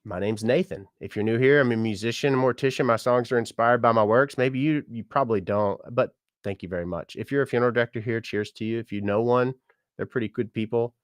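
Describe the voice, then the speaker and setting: A man's voice: mid-range voice, fast talker, dry recording, studio quality. A man who works as a musician and mortician, chatting casually on a livestream and reading out viewer comments. He is upbeat and laughs often.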